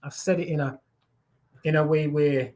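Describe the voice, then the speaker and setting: A man's voice: on the high side, fairly even intonation, moderate pace, darkish tone. A man talking casually and at length as host of a live stream, using slang and often repeating himself. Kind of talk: casual live chat monologue.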